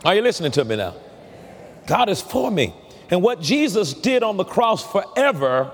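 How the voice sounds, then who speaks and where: A pastor preaching a sermon, slow and emphatic, leading his listeners in call-and-response. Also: sits high, big pitch swings, husky, long reverb tail.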